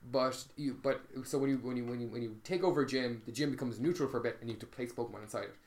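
Animated, sweary male storyteller. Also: medium pitch, racing. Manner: animated, swears freely, many restarts. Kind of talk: casual storytelling chat.

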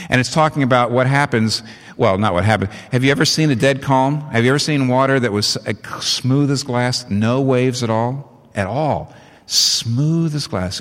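A man preaching a sermon, animated and leaping up in pitch to stress his points. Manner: animated, rising in pitch for emphasis. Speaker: pastor. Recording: long hall reverb.

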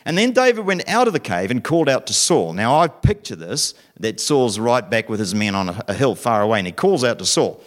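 A man's voice: mid-range voice, moderate pace. A man telling a Bible story to children, playful and full of questions to his listeners. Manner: animated, playful, asks questions. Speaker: children's talk presenter.

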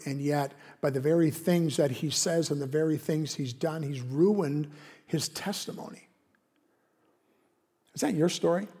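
Male pastor, higher voice, earnest conversational sermon with rhetorical questions, long hall reverb. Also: darkish tone.

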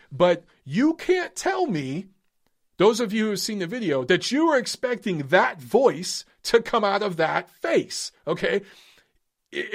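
A man hosting a boxing podcast, giving casual, rambling opinion commentary with frequent restarts and casual swearing. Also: fairly high pitch.

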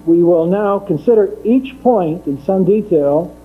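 A man's voice: high voice, expressive, unhurried, slightly rough. A man giving a methodical theology lecture, repeating his key points for emphasis. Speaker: Catholic lecturer. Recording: tinny phone-like recording with mains hum.

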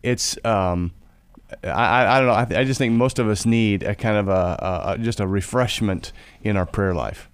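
Radio host guy, lowish smooth voice, hesitant and fumbling for words, dry close mic. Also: dry recording. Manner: halting, searching for words with fillers. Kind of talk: casual radio interview.

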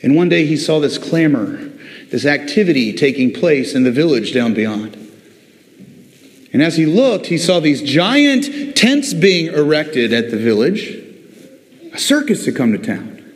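A male pastor preaching a sermon, telling a story with animated delivery and speaking directly to his congregation. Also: fairly high pitch, a little slow. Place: church before a congregation. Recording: long echo of a large hall.

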